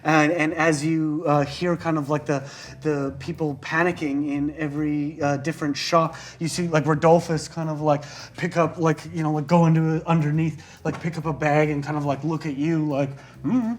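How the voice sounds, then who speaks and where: A man's voice: on the high side, little pitch movement, moderate pace. A man narrating a tabletop game as game master, in a loose, rambling way full of fillers.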